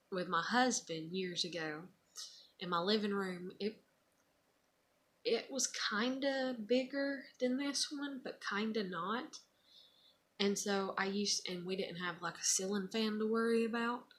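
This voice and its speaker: A mother in her thirties vlogs casually, reading her child's old letters aloud in a mid-range, unhurried voice. She's soft-spoken, rambling and emotional, and there's slight hiss or hum on the recording.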